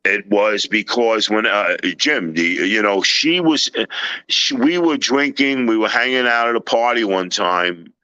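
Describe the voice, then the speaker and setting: Bright, animated storyteller man. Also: lowish voice, measured pace, no echo, lo-fi sound. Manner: animated, loud when acting out scenes. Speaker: panel guest. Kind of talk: casual storytelling.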